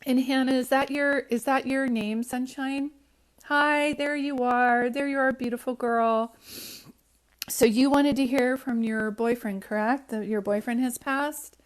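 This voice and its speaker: A woman's voice: high voice, fairly even intonation, unhurried. A woman hosting a live-stream psychic reading, talking to viewers in a casual, affectionate way, using pet names and rambling with restarts.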